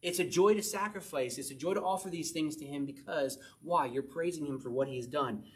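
A married man preaching a sermon, moving from quick personal asides to slow, emphatic scripture reading. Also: a little high. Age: adult, married. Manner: animated preaching, shifts between fast asides and slow emphatic verse reading. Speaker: pastor.

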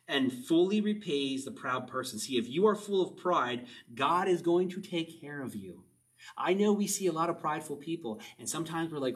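Casual male pastor, chatty sermon with questions and chuckles, a bit high, recorded slightly off-mic. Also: lively intonation, moderate pace, far from the mic, poor audio. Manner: conversational, asks the listeners questions, chuckles often. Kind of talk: casual sermon, reading and explaining a psalm.

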